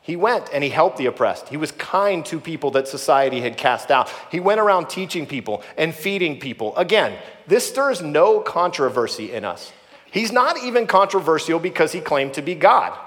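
A man's voice: a little high, big pitch swings, normal speed, fairly bright tone. A man preaching a sermon, earnest and emphatic, acting out the voices he quotes. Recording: long hall reverb.

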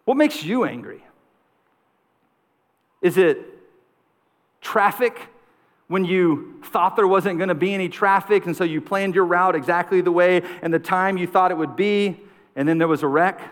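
Guy preaching, pretty high voice, lots of rhetorical questions, long echo like a big church. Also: normal speed, long pauses. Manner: storytelling with rhetorical questions and repetition. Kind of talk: sermon. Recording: long hall reverb.

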